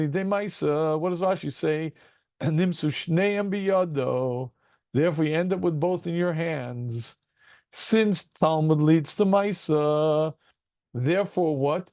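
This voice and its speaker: A man teaching a Talmud class to students over a video call, asking rhetorical questions and breaking into quick chuckles. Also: fairly high pitch, no echo, clean studio sound. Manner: animated, rhetorical questions, addresses students as gentlemen; self-deprecating chuckles, quick asides.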